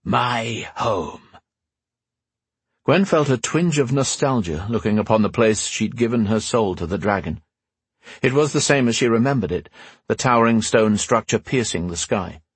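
A male narrator reading a fantasy story with expressive, measured delivery. His pitch moves a lot and his voice is husky. The sound is dry and close. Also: no echo. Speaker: audiobook narrator. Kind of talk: scripted narration.

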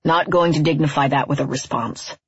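A woman reading the lines of a laid-back young man, a friend, in a dry, deadpan way. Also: sits low, brisk, husky, no echo, dull audio, full character voice.

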